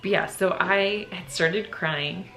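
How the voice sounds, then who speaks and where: A young woman vlogger telling a storytime, her voice sitting a little low. She is openly emotional, choking up and laughing through tears as she talks. A faint background hiss sits under the recording. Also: slow pace, a bit bright. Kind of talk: casual storytime.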